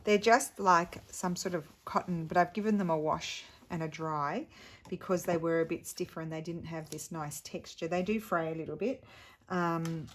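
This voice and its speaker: A woman's voice: lowish voice, fairly even intonation, moderate pace. A middle-aged woman hosting a casual craft tutorial, chatting in a rambling way that trails off and restarts as she shows her materials.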